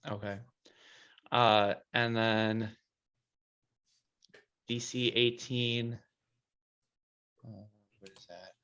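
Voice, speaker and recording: A man playing a tabletop game who talks casually in a slow, halting way. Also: on the low side, flat delivery, a bit bright, clear, resonant tone, lo-fi sound. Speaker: player.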